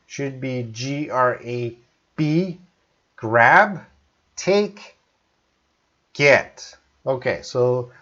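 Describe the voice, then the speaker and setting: A man's voice: fairly high pitch, highs cut off. Canadian man teaching English on a stream. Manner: relaxed, explaining slowly with simple examples. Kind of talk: live-stream English lesson.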